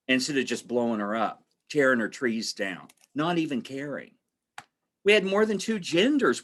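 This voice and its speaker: A man's voice: high voice, fairly bright tone. A man presenting a webinar in a conversational, storytelling way, repeating phrases for emphasis and acting out the voices of people he quotes.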